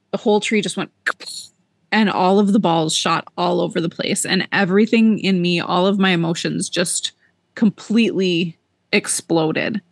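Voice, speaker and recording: A woman co-hosting a podcast, telling a personal story in a casual, animated way and repeating words for emphasis. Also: on the low side, dry recording. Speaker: podcast co-host.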